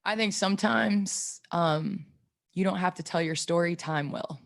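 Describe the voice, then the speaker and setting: A woman in her thirties speaks into a table mic at a press conference, with a lower voice for her sex. She teases and chatters, then turns earnest and reflective about what matters to her. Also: measured pace, creaky. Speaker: pro basketball player at a press conference. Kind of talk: post-game press conference answers.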